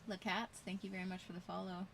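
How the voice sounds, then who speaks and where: A woman of middle pitch makes easygoing, short remarks while co-hosting a casual livestream. She reads viewer comments aloud in a relaxed way. A faint noise runs under her voice. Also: fast, gravelly. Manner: relaxed, brief remarks, often laughing along. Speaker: livestream co-host living on a sailboat.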